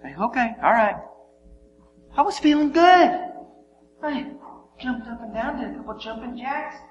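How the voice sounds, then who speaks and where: A man preaching, telling a funny story with shouted exclamations and quiet asides. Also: very high-pitched, lively intonation, measured pace, highs cut off. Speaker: pastor. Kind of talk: sermon with humorous personal story. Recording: long hall reverb, faint hum.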